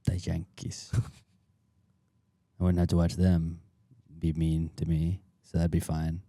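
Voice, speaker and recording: Low-voiced joking podcast co-host man. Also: monotone, takes it slowly, mellow, dry recording, studio quality. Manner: joking, swears often. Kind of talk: casual podcast banter.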